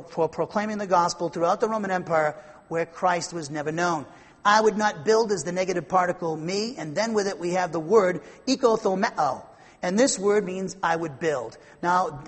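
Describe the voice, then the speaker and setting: A man preaching an expository sermon, explaining Greek words one by one and stumbling over their pronunciation, with emphatic swings between loud bursts and quiet asides. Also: high-pitched, in a large hall. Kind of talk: expository Bible-teaching sermon.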